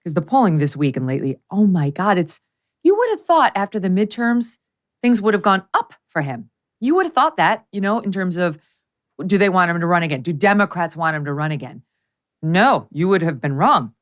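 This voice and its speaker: A middle-aged woman with a slightly low voice hosts a political talk show. She talks in an animated, sardonic way and rattles off figures. The sound is close and clean. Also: a little fast. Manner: animated, mocking voices while quoting. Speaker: podcast host. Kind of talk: casual political chat.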